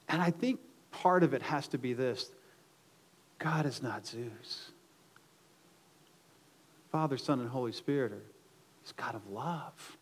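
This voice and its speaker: A male pastor preaching a sermon, swinging from quiet asides to loud, emphatic outbursts and often repeating words as he restarts. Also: medium pitch, a little slow, long pauses.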